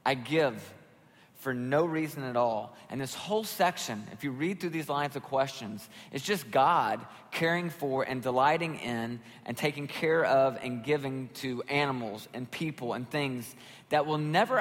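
This sermon comes from a middle-aged pastor who speaks conversationally and with energy, voicing characters as he quotes them. His pitch is medium, and the sound echoes with a long hall reverb.

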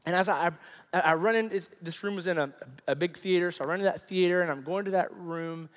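A fairly high-voiced man in his thirties preaches by way of a personal story, casual and animated, scattering fillers as he goes. His voice carries a long reverb from a big hall. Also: fast. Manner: animated, conversational with many fillers. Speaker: pastor. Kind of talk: sermon storytelling.

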